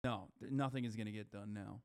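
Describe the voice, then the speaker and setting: A man's voice: fairly low pitch, fairly even intonation, quick pace. Profane, rambling male streamer. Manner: loose, profane, rambling with fillers. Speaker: streamer host. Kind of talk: casual livestream chat, reading chat messages.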